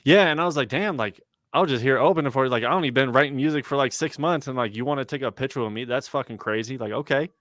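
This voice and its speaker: Young rapper guest, laid-back slangy storyteller, dry close sound, mid voice. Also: male voice, medium pitch, fast talker, fairly bright tone, no echo. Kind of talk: casual chat on a livestream podcast.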